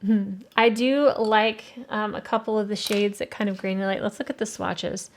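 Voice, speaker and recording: A woman's voice: medium pitch, fairly even intonation, moderate pace. A woman hosting an art channel, casually reviewing watercolor paints and thinking aloud with hesitant fillers. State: has the hiccups.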